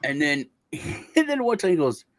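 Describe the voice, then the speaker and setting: A man's voice: a little high, big pitch swings, moderate pace, no room sound. Male host, rambling casual storyteller, dry close recording. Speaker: crypto show host. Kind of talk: casual chat.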